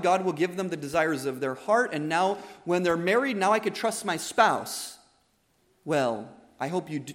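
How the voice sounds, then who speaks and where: A man preaching a wedding sermon as the officiating minister, earnest and emphatic, often repeating his key phrases. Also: high-pitched. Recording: long hall reverb.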